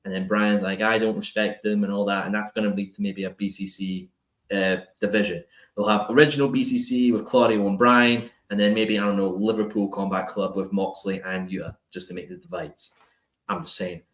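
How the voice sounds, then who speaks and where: An animated man with a fairly low voice, co-hosting a casual podcast chat. He lays out his ideas step by step in an opinionated way. His voice rings with a noticeable room echo. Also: fairly quick. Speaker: podcast co-host.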